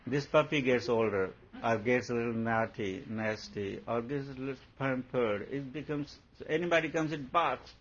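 A man's voice: mid-range voice, moderate pace, few pauses, a little hiss or hum. A man giving a spiritual discourse as a teacher, asking rhetorical questions and telling playful stories. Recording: dull lo-fi recording.

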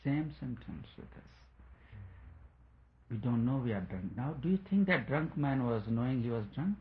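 A man's voice: medium pitch, expressive, moderate pace, narrow, tinny audio. Rambling man telling a parable. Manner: rambling, searching for words, chuckling. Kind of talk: storytelling spiritual talk.

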